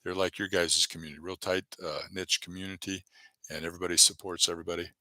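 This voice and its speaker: A man's voice: deep voice, flat delivery, quick pace, sharp tone, no room sound. A man hosting a casual livestream, rambling and encouraging as he reads out viewers' chat. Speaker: YouTube livestreamer.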